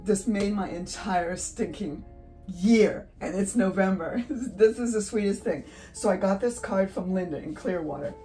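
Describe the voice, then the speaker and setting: Sitting a little back from the mic, a woman with a medium-pitched, dark voice chats casually while painting in her home studio for her art channel. She's giddy and chatty, laughing easily between thoughts as faint guitar music plays underneath.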